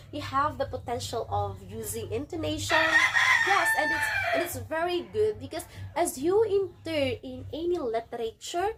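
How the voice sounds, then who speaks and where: A woman's voice: high-pitched, a bit bright. A woman teaching a grammar lesson to a class, repeating and restarting phrases as she explains.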